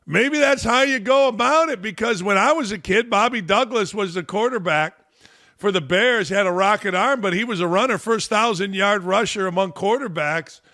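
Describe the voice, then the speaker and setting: A middle-aged American man hosting a sports talk show, ranting bluntly and profanely with sudden shouted outbursts. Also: high voice, no room sound, clean studio sound. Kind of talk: opinionated sports rant.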